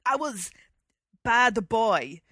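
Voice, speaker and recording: A woman's voice: on the high side, big pitch swings, very slow, pushed and bright, no room sound, clean studio sound, heavily acted. A woman doing an over-the-top Italian chef. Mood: comic impression. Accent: Italian, exaggerated. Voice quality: broken English, comic stereotype. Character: excitable Italian male TV chef. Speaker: podcast host impersonating a TV chef.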